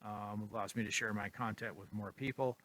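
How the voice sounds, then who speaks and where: A man casually talking through his photos in a vlog, relaxed and rambling with lots of ums. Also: lowish voice, fairly quick, a little hiss or hum. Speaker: photography vlogger. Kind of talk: casual tutorial talk.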